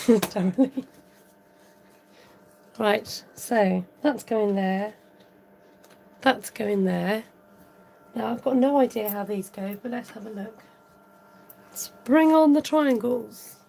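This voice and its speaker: A woman's voice: medium pitch, creaky, darkish tone, slight background noise. A woman chatting casually and giggling as she demonstrates a papercraft tutorial at home. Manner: chatty, giggly, talks while working. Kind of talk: casual crafting tutorial chat.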